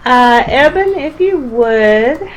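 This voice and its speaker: A woman co-hosting a relaxed live stream, upbeat as she points viewers to a sponsor. Her voice sits a touch high, with faint ambient noise behind it. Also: slow pace, low-quality recording. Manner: upbeat, announces giveaways. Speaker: co-host.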